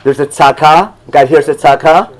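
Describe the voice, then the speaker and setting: A man's voice: fairly high pitch, moderate pace, low-quality recording. An older man teaching a Torah class in a loose, conversational way, often asking "you follow?" and chuckling at his own asides.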